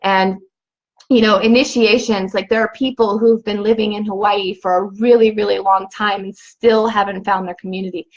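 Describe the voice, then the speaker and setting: A woman's voice: medium pitch, steady tone, moderate pace, lo-fi sound. A young woman telling a personal spiritual story in a dreamy, rambling way, full of "you know" and "like". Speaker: vlogger.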